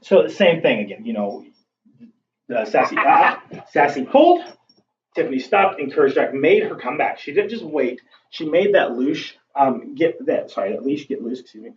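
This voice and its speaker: A man's voice: medium pitch, sing-song, normal speed. A man working as a dog trainer, giving a casual instructional demonstration and talking through each step with fillers. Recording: distant, dull lo-fi recording with faint background noise.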